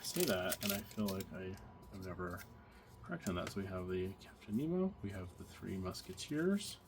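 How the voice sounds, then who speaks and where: Cards crinkle amid audible background noise as a man opens packs and narrates casually. His low voice is sing-song at normal speed, and he muses aloud with many fillers and restarts.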